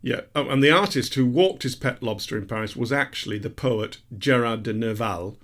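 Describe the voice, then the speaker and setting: A man's voice: mid-range voice, moderate pace, a bit bright. A man co-hosting a podcast in casual chat, with dry, self-mocking asides. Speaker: podcast co-host.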